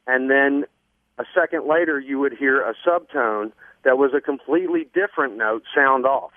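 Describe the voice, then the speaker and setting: A man guest earnestly telling a long personal story on a radio show, halting often with fillers. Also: medium pitch, no room sound. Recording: dry phone line.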